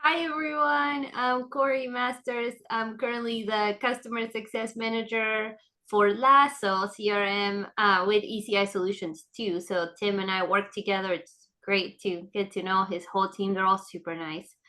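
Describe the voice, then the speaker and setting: A woman's voice: mid-range voice, fairly even intonation, moderate pace, sharp tone. A woman introducing herself as a customer success manager, upbeat and friendly. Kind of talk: casual panel chat.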